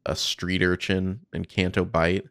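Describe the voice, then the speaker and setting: A man with a very low, gravelly voice talks through film footage in a loose, casual way. He swears freely and fills his thoughts with "like" and "uh". The recording is dry and close. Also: little pitch movement, unhurried, fairly bright tone, no echo. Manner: casual, swearing, thinking aloud with fillers. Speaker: podcast co-host.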